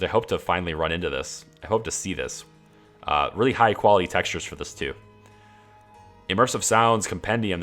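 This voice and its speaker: Male streamer, deep voice, casual enthusiastic rambler, faint background music. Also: a bit bright. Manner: rambling, enthusiastic, many fillers and restarts. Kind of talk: casual walkthrough of game mods.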